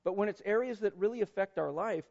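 A middle-aged man preaches a sermon to his congregation, breaking off for playful asides and little acted-out voices. His voice sits fairly high for a man. The church recording sounds dull and lo-fi. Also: fast talker, creaky, darkish tone. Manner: playful, joking asides, acts out quoted voices. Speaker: pastor. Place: church sanctuary.

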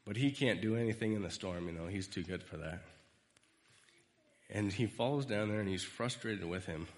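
A man giving a conversational storytelling sermon, animated and retelling scenes. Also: on the low side, normal speed. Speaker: preacher. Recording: reverberant hall.

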